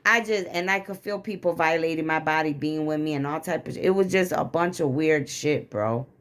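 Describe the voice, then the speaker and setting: A woman with a fairly low-pitched voice pours out a long, agitated confessional rant for her vlog. She rambles from thought to thought and swears freely. She talks like someone who is worked up and speaking straight to her viewers. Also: moderate pace, clean tone. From Chicago area. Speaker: vlogger.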